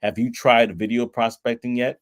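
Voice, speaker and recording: A man's voice: mid-range voice, flat delivery, normal speed. A man hosting a casual interview, asking questions and sharing his own sales stories in a friendly, conversational way. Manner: friendly, conversational, asks questions with filler words. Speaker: podcast host.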